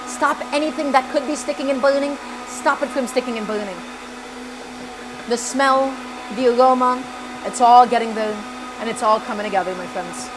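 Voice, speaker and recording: A woman's voice: a little high, moderate pace, background noise. A woman streaming a cooking lesson from her home kitchen, talking to her viewers in an emphatic, repetitive way. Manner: emphatic, repeats key points while chatting to viewers.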